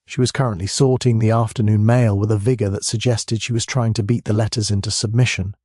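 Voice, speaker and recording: A man narrating a mystery story in a steady, even storytelling voice. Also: lowish voice, a little fast, no room sound, clean studio sound.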